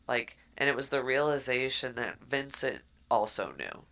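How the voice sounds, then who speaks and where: Woman podcast co-host, animated storyteller, bright forward tone. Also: very deep voice, normal speed, hardly any pauses. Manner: animated storytelling, acts out quotes. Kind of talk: casual chat recapping a book.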